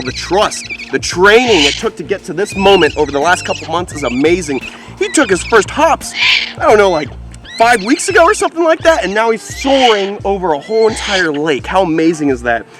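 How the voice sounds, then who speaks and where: Excited young man with an outdoor wildlife vlog. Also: high-pitched. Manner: excited, upbeat, exclaims how amazing things are. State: out of breath. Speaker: wildlife vlogger. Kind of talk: enthusiastic outdoor vlog narration. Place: outdoors by a lake.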